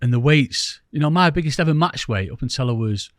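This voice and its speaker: Chatty rambling English angler, dry room sound. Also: male voice, mid-range voice, expressive, a little fast, no room sound. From England. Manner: chatty, rambling, self-mocking. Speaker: podcast guest, angler. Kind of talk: casual storytelling interview.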